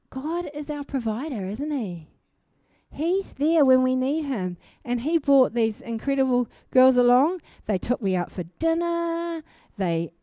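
A young woman preaching a sermon, telling a personal testimony in an animated way and building to fervent exhortation. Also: high-pitched, dry recording. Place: church.

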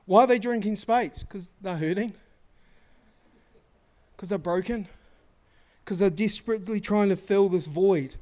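High-voiced Kiwi preacher telling stories. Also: male voice, a little slow, pauses often. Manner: lively storytelling, acting out quoted dialogue; casual, slangy talk to the congregation. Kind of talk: sermon.

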